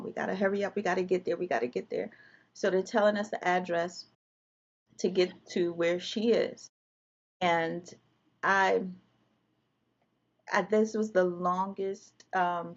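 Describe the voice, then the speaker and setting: A woman's voice: lowish voice, little pitch movement, measured pace, gravelly, long pauses, highs cut off. A woman guest telling an emotional personal story, vividly reliving scenes with quoted dialogue.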